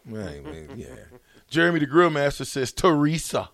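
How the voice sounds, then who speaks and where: A man's voice: mid-range voice, moderate pace. A man hosting a radio show in casual banter, reading listener texts aloud with a playful, teasing manner. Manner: playful, teasing, laughs often, animated. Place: radio studio.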